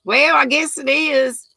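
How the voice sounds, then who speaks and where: A woman's voice: sits high, gravelly, pushed and bright, no echo. An older woman from North Carolina with a Southern accent, hosting a live stream and chatting casually with viewers, greeting them by name and laughing often. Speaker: livestream host.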